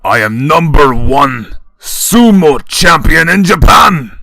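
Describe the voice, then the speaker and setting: A man voicing a drunken, grandiose male sumo wrestler who booms in slurred, broken English. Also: expressive, a little slow, bright, forceful tone, dry recording, exaggerated voice. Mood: menacing.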